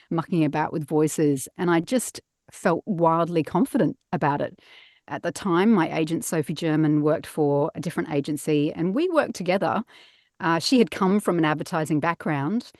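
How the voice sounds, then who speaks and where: Speaking from her padded home booth, a middle-aged voice actor chats casually as an interview guest, mocking herself and laughing often. Her voice sits low with a darkish tone, captured in clean studio sound without echo.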